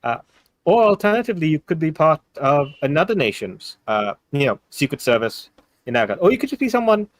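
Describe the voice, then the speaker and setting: Rambling Indian English dungeon master. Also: male voice, fairly high pitch, sing-song, no room sound. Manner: rambling, full of "like" and restarts, quick jokes. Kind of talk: casual tabletop game planning.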